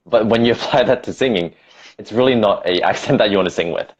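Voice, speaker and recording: Deep husky Australian man hosting. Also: fast, highs cut off. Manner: relaxed, encouraging, laughs easily. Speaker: host. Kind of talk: casual interview chat.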